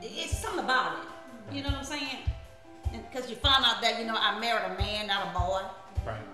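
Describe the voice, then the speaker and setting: Woman minister, casual live-stream talk, laughing, repetitive, high voice, music behind. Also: brisk. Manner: laughing, repeats words, preachy asides. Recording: echoey room with music behind.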